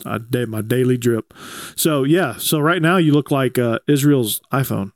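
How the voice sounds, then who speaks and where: Male co-host, gravelly voice, dry close sound, loose conversational delivery. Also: mid-range voice, normal speed, dry recording. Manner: laid-back, rambling, reads ads conversationally. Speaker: podcast co-host. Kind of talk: casual chat.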